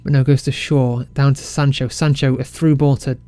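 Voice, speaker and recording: A man casually commentating his football management game, excitable and self-mocking. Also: mid-range voice, normal speed. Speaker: game let's-play creator.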